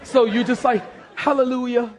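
A man preaching a sermon as pastor, animated and repeating his phrases, acting out little scenes in mock voices. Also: sits high, moderate pace, some chatter behind.

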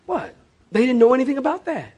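High-voiced preaching man, dramatic swings. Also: sing-song, fast talker, breathy edge, muffled recording. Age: middle-aged. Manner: preaching with big swings from loud to hushed, repeating phrases. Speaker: pastor. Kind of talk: sermon.

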